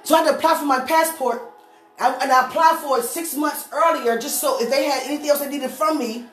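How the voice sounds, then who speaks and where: A woman preacher giving a lively, storytelling testimony, laughing often as she speaks. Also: sits high, fast talker, slight background noise. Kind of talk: church testimony sermon. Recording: echoey room with faint music.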